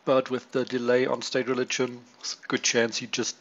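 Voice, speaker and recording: A man giving casual, low-key commentary on his turn in a strategy game, thinking aloud with many pauses and ums. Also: completely flat delivery, fairly bright tone. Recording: dull lo-fi mic with faint hiss.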